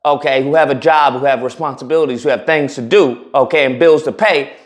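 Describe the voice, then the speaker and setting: A man's voice: mid-range voice, brisk. A man giving blunt, provocative opinion commentary on a video, talking in a mocking and emphatic way. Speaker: commentary YouTuber.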